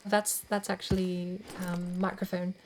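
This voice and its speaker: There's slight hiss or hum behind this woman's fairly low, darkish voice, which stays flat in pitch and unhurried in pace. She streams a game with casual chat, thinking aloud over settings and over-enunciating every word.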